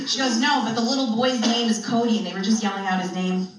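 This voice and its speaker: A woman spiritual speaker talks fast in a fairly high voice with fairly even intonation as she tells an amusing spiritual story, laughing often between lines. Recorded in a very echoey room from a distant mic, the clip has slight background noise.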